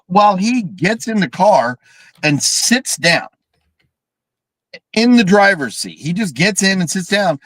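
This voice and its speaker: A man chatting on a horror movie livestream, voice sitting a bit high and swinging wildly up and down. He swears freely and launches into shrieking impressions of characters. The sound is dry, with no room around it. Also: a little slow, no room sound, rough recording. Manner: animated, swearing, mimics characters with big shrieks. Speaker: podcast co-host reviewing horror films. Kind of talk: casual livestream chat.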